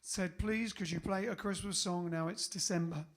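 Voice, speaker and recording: A man's voice: sits high, steady tone, moderate pace. A man hosting a casual live-stream music show, rambling and trailing off mid-sentence. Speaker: band singer and show host. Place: home live-stream setup.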